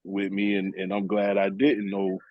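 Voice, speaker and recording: A man's voice: low-pitched, completely flat delivery, normal speed, dry recording, phone-quality sound. A man in a casual heart-to-heart talk, telling stories in a laid-back, streetwise way. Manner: laid-back, streetwise storytelling, chuckles often.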